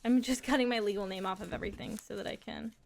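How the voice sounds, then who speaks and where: A woman's voice: mid-range voice, fairly even intonation, quick pace, creaky. A woman live streaming from home, talking in a rambling, casual way and swearing and laughing often.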